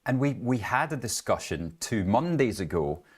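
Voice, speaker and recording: A man's voice: lowish voice, sing-song, moderate pace, breathy edge. A middle-aged man co-hosting a live trading show, conversational with jokey asides. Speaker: co-host. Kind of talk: live market commentary.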